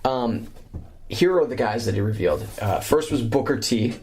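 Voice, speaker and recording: A man's voice: expressive, normal speed, a little mellow. A man co-hosting a casual podcast, joking around and sometimes slipping into silly voices. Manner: jokey, breaks into silly high voices and impressions. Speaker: podcast co-host. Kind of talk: casual chat.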